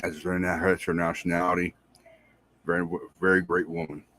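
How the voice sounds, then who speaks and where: A married man hosting a podcast, giving casual, rambling shout-outs to listeners and repeating himself in a friendly way. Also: low-pitched, monotone, normal speed. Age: adult, married. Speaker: podcast host.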